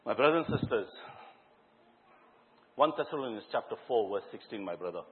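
A man preaching a sermon to a congregation, asking them questions and telling lively stories from his own life. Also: lowish voice, a little fast. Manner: questions the congregation directly and tells lively anecdotes. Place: church hall before a congregation. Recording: echoey hall, tinny phone-like sound.

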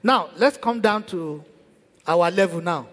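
A man's voice: high voice, measured pace, a bit bright. A male pastor preaching a sermon in a church hall, emphatic and repeating his key phrases. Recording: long church hall reverb.

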